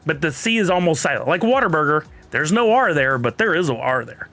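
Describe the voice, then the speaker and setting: A man's voice: on the high side, big pitch swings, brisk, hardly any pauses, sharp tone, faint music behind. A man with a Texan accent chatting casually on a live stream, rambling and laughing often while reading chat.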